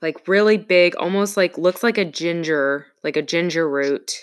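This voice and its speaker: A woman in casual conversation, telling a personal story in an earnest, reflective way with halting pauses. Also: on the low side.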